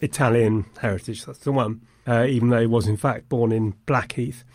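A man talking through a film in a thoughtful, measured way, with dry humour. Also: medium pitch, steady tone, a little mellow, no room sound. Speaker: podcast film reviewer. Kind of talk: conversational film discussion.

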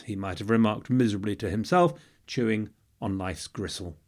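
A man's voice: fairly low pitch, moderate pace, creaky, darkish tone. A man hosting a podcast, narrating history from a script with wry, jokey asides. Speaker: podcast host.

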